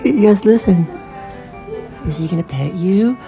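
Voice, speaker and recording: A woman's voice: mid-range voice, gravelly. A woman casually chatting to her pet cat in a playful, teasing baby-talk way. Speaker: cat owner. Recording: music playing behind the voice.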